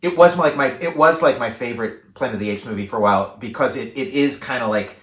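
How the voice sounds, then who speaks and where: Talking fast in a mid-range voice, this man co-hosts a podcast and casually rambles about a film, restarting often and using lots of fillers. He acts out quotes with animation, and the recording sounds echoey and roomy.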